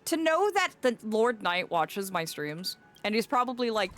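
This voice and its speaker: A woman streaming a game, chatting casually in an animated, rambling and playful way. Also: medium pitch, unhurried. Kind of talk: casual gameplay commentary.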